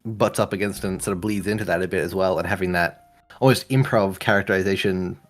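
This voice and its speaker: A man from Australia hosting a podcast, talking quickly and eagerly and acting out quotes. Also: sits low. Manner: quick, enthusiastic, laughing, acts out quotes. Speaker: podcast host. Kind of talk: casual chat.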